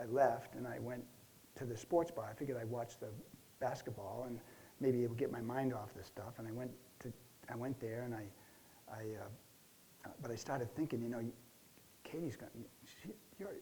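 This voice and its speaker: Man role-playing a stressed client, halting speech, restarts, mellow dark voice, faint hiss. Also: mid-range voice, fairly even intonation, close to an everyday voice, poor audio. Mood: ashamed. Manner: halting, many restarts and fillers. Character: stressed middle-aged man recounting a relapse. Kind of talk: counseling role-play.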